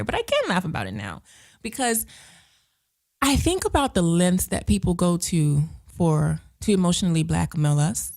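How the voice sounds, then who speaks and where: A woman hosting a radio talk show, telling stories in an animated way and acting out the voices of the people in them. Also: medium pitch. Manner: animated storyteller, acts out voices.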